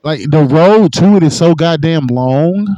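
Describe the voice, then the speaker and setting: A man's voice: fairly high pitch, animated, a little slow, warm tone, dry recording, muffled recording. A man hosting a podcast in casual chat, rambling and swearing with lots of "like". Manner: rambling, profane, heavy use of "like". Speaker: podcast host.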